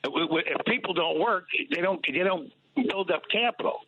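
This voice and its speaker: A man's voice: sits high, normal speed. A man calling in to a radio show, talking emphatically and asking rhetorical questions. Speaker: caller. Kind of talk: call-in radio talk. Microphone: telephone. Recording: tinny phone line with faint hiss.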